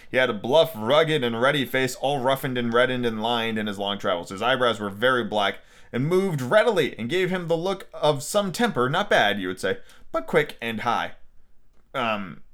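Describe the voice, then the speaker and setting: A man's voice: a little high, a bit bright. A young man hosting a podcast, reading a classic novel aloud and breaking off into blunt, profane, opinionated asides. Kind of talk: casual audiobook reading with rants.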